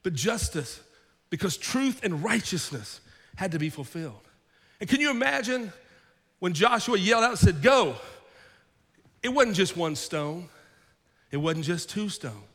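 A man preaching a sermon with a fairly high voice. He tells the story vividly, acting out the people in it. His voice rings with the long reverb of a large hall. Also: very animated, moderate pace, a bit bright, husky. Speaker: pastor.

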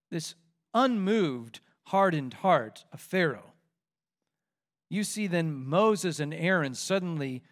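A man preaching an expository sermon in an animated, conversational way as pastor. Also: a little high.

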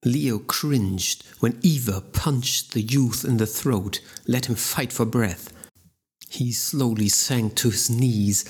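Man, audiobook narrator, husky voice, unhurried. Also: on the low side.

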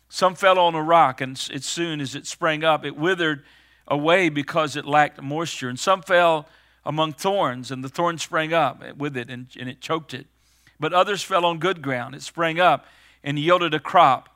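A man with a slightly high voice and a sharp tone preaches a sermon. He reads scripture aloud between plain explanations, building to urgent, raised, emphatic calls.

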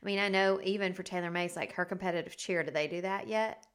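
A woman co-hosting a casual chat who talks in a relaxed, agreeable way and often backs up her partner. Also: fairly low pitch, fast talker, smooth. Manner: relaxed, agreeable, many yeahs and mm-hmms. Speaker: podcast co-host.

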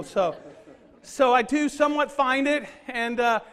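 High-voiced man telling a funny story. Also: a little slow, fairly bright tone. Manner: self-deprecating, conversational storytelling with many fillers. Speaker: pastor. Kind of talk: humorous sermon story.

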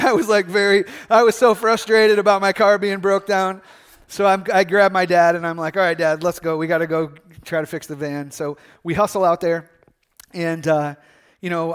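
A middle-aged man from Michigan, a pastor preaching a sermon in a conversational, storytelling way with frequent fillers and restarts. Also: on the high side.

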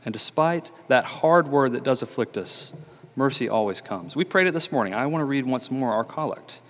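A man preaching a sermon in an earnest, measured way, repeating key phrases for emphasis. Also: mid-range voice, lively intonation. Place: church sanctuary. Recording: long church reverb.

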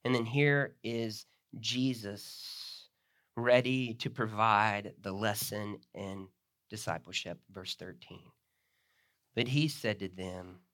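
Guy preaching a sermon, bright punchy voice, retells the bible story like he's there. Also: fairly low pitch, steady tone, slow pace. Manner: expository preaching with dramatic retellings of the text. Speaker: pastor.

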